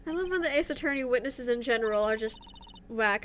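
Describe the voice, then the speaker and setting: A woman's voice: a little high, lively intonation, brisk, a little hiss or hum. A young woman streaming a game live, chatting and rambling with a giggly, casual manner. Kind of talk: live gameplay commentary.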